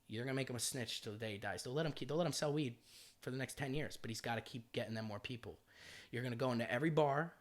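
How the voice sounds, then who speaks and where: Comedian guest: American man in his thirties, mid-range voice, animated and profane while he spins a yarn. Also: mid-range voice. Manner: animated, swearing, acts out quoted voices. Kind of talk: casual storytelling.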